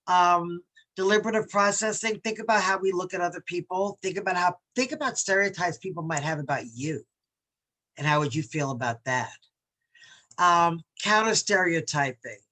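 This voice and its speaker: A woman's voice: on the low side, moderate pace, fairly bright tone. A woman from New York leading a workshop on bias, talking conversationally and reading quotes aloud with emphasis. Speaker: diversity workshop presenter.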